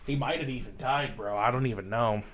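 A young man tells a long, meandering story at a middling pitch, full of "like" and swearing. His delivery is loose and conversational, with a faint hiss under the audio. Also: brisk, fairly bright tone. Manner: rambling, profane, filler-heavy. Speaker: podcast host. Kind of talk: casual chat, storytelling.

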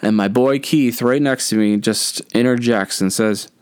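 A young man hosting a solo podcast, telling childhood stories in a relaxed, rambling way with many fillers. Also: medium pitch, unhurried, clear, resonant tone, dry recording, studio quality. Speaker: podcast host. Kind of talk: casual solo storytelling.

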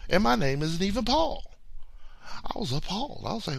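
A man talking sports on a podcast with a gravelly, creaky edge, his pitch swinging up and down as he teases his friends. He often stumbles and repeats his first words. The sound is close and dry, with no room echo. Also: moderate pace, long pauses. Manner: animated, playful trash talk; repeats words when starting sentences. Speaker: podcast co-host. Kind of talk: casual sports talk.

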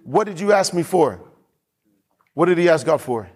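A male pastor delivering a sermon to his church, pressing each point home by repeating it. His voice sits somewhat high for a man, and he moves between plain talk and reading scripture aloud. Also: lively intonation, normal speed, darkish tone. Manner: emphatic preacher, repeats lines, reads scripture aloud.

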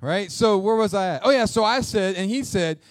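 Recorded dry, this middle-aged man's voice sits high and moves at a moderate pace. He's a pastor preaching conversationally and energetically, slipping humor and asides into the lesson.

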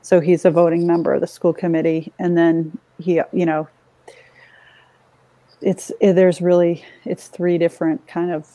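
A woman's voice: fairly low pitch, flat delivery, moderate pace, warm tone, dry recording. A woman on the school committee explaining a budget process in a casual discussion, with dry sarcastic asides.

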